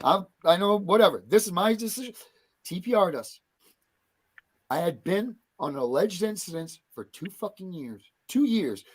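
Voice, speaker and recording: A man's voice: sits high, expressive, moderate pace, slightly rough. A man speaking as a guest on a talk show, angry and profane, ranting passionately. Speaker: guest, parent. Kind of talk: heated talk-show rant.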